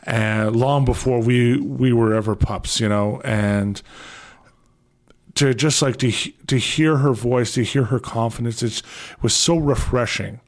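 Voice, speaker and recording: A man with a Canadian accent, hosting his last radio show in a studio and telling stories in a rambling, excitable way with many restarts. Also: mid-range voice, measured pace. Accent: Canadian English. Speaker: departing radio show host. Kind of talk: casual radio interview.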